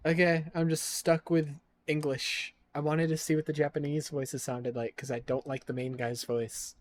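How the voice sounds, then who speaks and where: Man, live game streamer, fairly high voice, sarcastic, profane, casual commentary, faint background noise. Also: little pitch movement, normal speed. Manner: sarcastic and profane, thinking aloud.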